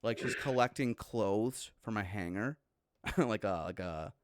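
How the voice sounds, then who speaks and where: A man's voice: lowish voice, unhurried, dry recording, studio quality. A man running a horror tabletop game as game master, narrating loosely with plenty of fillers.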